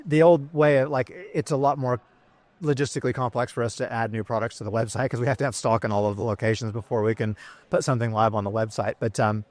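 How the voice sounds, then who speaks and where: A man tells the story of his business in a loose, conversational interview. He rambles and fills his talk with ums and you-knows, in an easygoing manner. His pitch sits in the middle range. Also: fairly even intonation, quick pace, a little mellow. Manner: chatty, rambling, many fillers. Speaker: business founder, guest.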